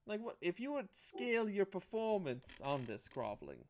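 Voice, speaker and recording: A man narrating a tabletop game as game master, halting and restarting phrases as he goes. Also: sits high, sing-song, crowd noise.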